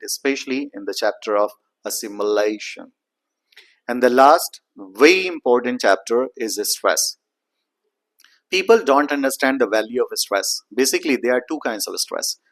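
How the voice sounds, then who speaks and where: A man explaining accent training, slowing down to model words and sentences. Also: mid-range voice, fairly bright tone. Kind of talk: pronunciation lesson.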